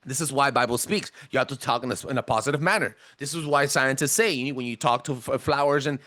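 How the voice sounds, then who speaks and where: A man with a self-described thick accent, hosting a podcast and giving a casual presentation in an emphatic, animated way. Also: quick pace, dry recording, clean studio sound. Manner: animated, emphatic, swinging pitch. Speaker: podcast host.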